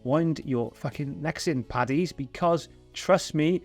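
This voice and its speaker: A man's voice: fairly high pitch, slow pace, faint music behind. A Welsh man hosting film commentary, sarcastic and profane, mocking the film. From Wales. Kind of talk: sardonic commentary.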